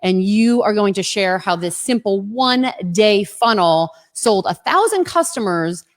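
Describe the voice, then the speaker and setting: A woman hosts a webinar over a video call, upbeat and eager. She tells stories in an excited, chatty way while introducing a guest, with a pitch that sits in the middle for a woman. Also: measured pace. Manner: enthusiastic, storytelling. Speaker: webinar host. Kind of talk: casual webinar hosting.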